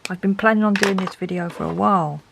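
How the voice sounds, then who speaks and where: A woman's voice: mid-range voice, steady tone, fast talker, creaky, background noise. A woman, chatting casually and thinking aloud as she reviews art supplies.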